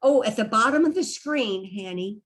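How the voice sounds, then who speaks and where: A woman's voice: on the high side, expressive, moderate pace. Chatty woman leading an online group. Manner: chatty, encouraging, laughs often. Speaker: study group leader. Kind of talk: casual online group discussion. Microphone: video call.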